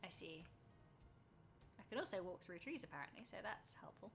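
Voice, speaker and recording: A woman's voice: lowish voice, lively intonation, a little fast, creaky, loud music behind the voice. A woman streaming a video game, chatting casually, laughing at herself and reading the game's text aloud. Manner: chatty and self-mocking, often laughing.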